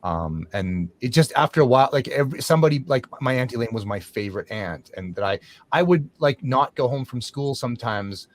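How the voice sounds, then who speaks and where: A man's voice: mid-range voice, animated, a little fast, few pauses. A man hosting a talk, sharing a long personal story in a reflective, rambling way. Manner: reflective, rambling, with restarts and fillers. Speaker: host. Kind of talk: conversational talk show discussion.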